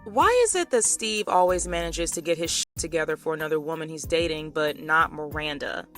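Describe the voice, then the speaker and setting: A woman's voice: sits low, a little fast, fairly bright tone, soft background music. A woman vlogger giving a casual, sarcastic commentary recap of a TV couple. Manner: chatty and sarcastic.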